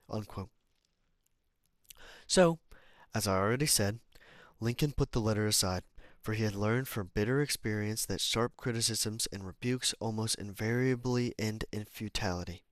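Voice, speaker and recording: A man's voice: on the low side, normal speed, no echo, clean studio sound. A man reading a self-help book aloud, stumbling over words, restarting lines and adding casual asides and apologies. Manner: stumbles, restarts and corrects himself while reading. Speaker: amateur reader.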